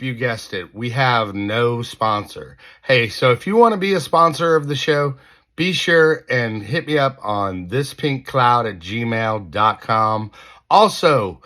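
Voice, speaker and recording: A male podcast host speaks to his listeners in an easy, unhurried way. His appeal is casual and friendly. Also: mid-range voice, pushed and bright.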